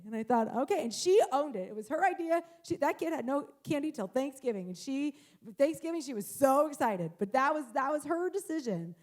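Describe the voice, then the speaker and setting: A woman's voice: high voice, lively intonation, normal speed, darkish tone. Woman pastor preaching an earnest sermon. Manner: earnest storytelling, acts out quoted voices. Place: church.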